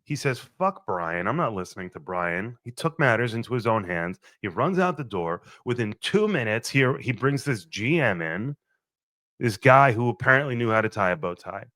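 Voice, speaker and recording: A young adult man hosting his podcast, telling a profane, animated wedding story and acting out his own quoted lines. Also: medium pitch, moderate pace, no room sound. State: a little thirsty, just woke up. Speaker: podcast host. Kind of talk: casual storytelling monologue.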